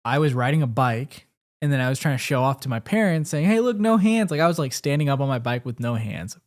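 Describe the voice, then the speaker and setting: Young male co-host, relaxed and thoughtful, middle-pitched, casual conversational delivery. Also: quick pace. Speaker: podcast co-host. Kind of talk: casual chat.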